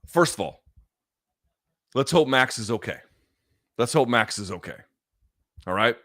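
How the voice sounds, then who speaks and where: A man hosting a live fight watchalong, going from loud excited outbursts to quiet, emotional reflection, with plenty of swearing. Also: medium pitch, a little slow. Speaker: host. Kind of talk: live fight reaction commentary.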